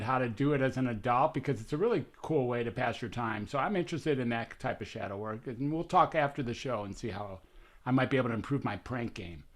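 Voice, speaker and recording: An older man speaks as a guest on a podcast, in an affable, relaxed manner. His voice sits at a middle pitch and his talk moves easily. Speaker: psychiatrist guest. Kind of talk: conversational podcast interview.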